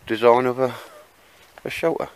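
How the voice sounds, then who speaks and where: A man's voice: mid-range voice, normal speed, clean tone, low-quality recording. A man chatting casually in a rambling way with lots of fillers while he shows his camp gear outdoors in the woods. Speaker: bushcraft vlogger.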